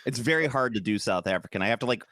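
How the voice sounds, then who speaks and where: A man's voice: mid-range voice, racing, dry recording. A man co-hosting a podcast, chatting casually and joking, fond of trying out accents. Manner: animated, joking, tries accents. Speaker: podcast co-host. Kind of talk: casual chat.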